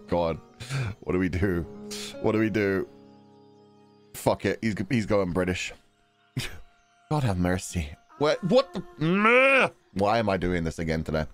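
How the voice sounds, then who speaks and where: Over soft background music, a low-pitched man with lively intonation narrates his playthrough of a story game. He's a chatty, giggly streamer who laughs readily as he comments casually.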